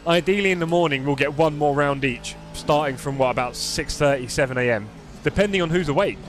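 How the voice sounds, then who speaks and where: With slight background noise, an English man talks in a fairly high, somewhat bright voice. Driving a racing sim on stream, he chats and jokes with viewers via a desktop USB mic.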